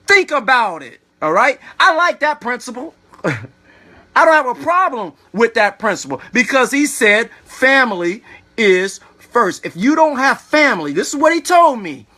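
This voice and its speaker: Animated, high-voiced man giving a preachy talk. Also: measured pace. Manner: preachy, animated, keeps asking "all right?"; repeats "think about it". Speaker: online video host. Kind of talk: motivational talk.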